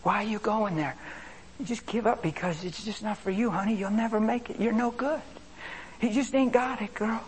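A sneering male devil, put on by a preacher, murmurs put-downs in a hushed, coaxing voice. The tone stays soft and belittling. It sits a little lower than a man's usual speaking pitch but still on the high side. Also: moderate pace, slight background noise, close to an everyday voice, low-quality recording. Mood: sly taunting. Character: sly taunting male devil whispering discouragement.

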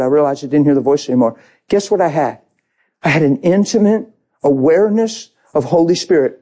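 A man's voice: on the high side, dark tone. A man preaching a sermon, telling his own story with passion and acting out his prayers.

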